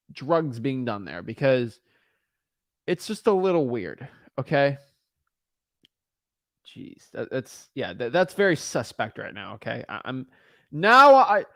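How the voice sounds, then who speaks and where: Animated man ranting between cold calls. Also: fairly high pitch, no room sound, clean studio sound. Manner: animated, repeats words when worked up. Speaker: real estate wholesaler cold calling sellers.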